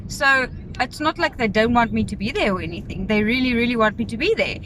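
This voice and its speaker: A South African woman talks into her phone camera from her car, her voice bright and forward and a touch high. She speaks in a casual, confessional way, emotional and rambling, often restarting her sentences. A faint vehicle hum sits underneath. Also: lively intonation, fairly quick, poor audio. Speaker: vlogger. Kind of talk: casual confessional vlog while driving.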